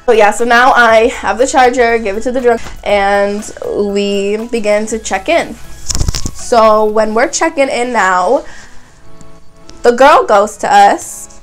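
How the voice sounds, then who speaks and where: A young woman from Canada telling a casual storytime vlog, animated, with lots of "like" and voiced quotes of other people. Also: a little high, takes it slowly, faint music behind, poor audio. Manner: animated retelling, heavy use of "like", voices other people's lines. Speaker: vlogger.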